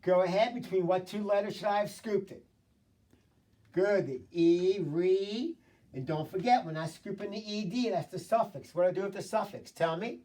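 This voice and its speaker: A man teaching a recorded phonics lesson to children, prompting them, praising answers and sounding out words slowly. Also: sits high, darkish tone, distant mic.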